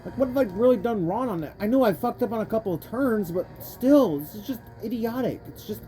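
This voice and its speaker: A young woman gives let's-play commentary over faint game music, swearing and complaining in a frustrated rant. Her voice is warm and mellow, yet her pitch swings widely as she cuts herself off and starts again. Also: lively intonation, fairly quick. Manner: angry profane ranting; frustrated, rambling self-interrupting talk. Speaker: gamer playing a kart racing game.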